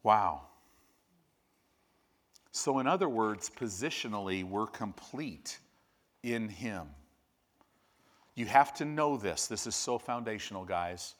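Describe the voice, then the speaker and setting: Animated male preacher telling a story. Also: takes it slowly, pauses often. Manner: storytelling, swings from loud animated bursts to low quiet emphasis. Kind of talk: sermon.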